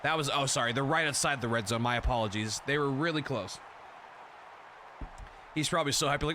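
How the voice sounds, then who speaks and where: Excitable, bright-voiced young man streamer. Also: mid-range voice, a little hiss or hum. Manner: excitable, profane, quick bursts of shouting. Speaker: streamer commentating a video game. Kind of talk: casual play-by-play commentary.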